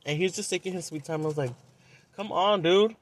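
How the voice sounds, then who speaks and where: A young man from Southern California hosts a podcast and tells a dating story bluntly, casually and with plenty of profanity. His voice sits high and moves fairly quickly.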